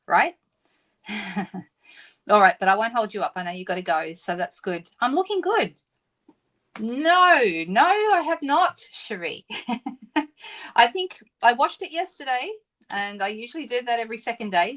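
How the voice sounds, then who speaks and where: A middle-aged woman from Australia hosting a live papercraft demonstration, chatting and greeting viewers by name between explanations. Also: medium pitch. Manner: warm, laughing asides. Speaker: papercraft host. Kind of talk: live-stream craft demonstration.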